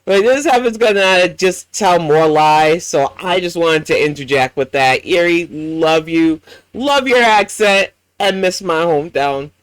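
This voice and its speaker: A man with a New York accent delivers angry reaction commentary, cursing freely and mocking his target. His voice sits high for a man. The sound is dry and close, with no room around it. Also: a little slow, fairly bright tone, smooth, dry recording. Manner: blunt, profane, mocking. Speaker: commentary host.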